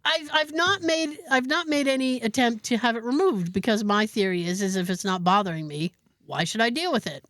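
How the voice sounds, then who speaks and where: A woman podcast host telling a story in casual chat, animated, profane and self-mocking. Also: on the high side, brisk, dry recording.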